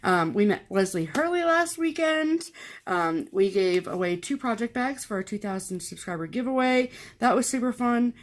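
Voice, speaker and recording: A woman's voice: a little high, expressive, moderate pace. A woman co-hosting a cross-stitch channel in casual chat, sentimental and talkative, running through long lists of things.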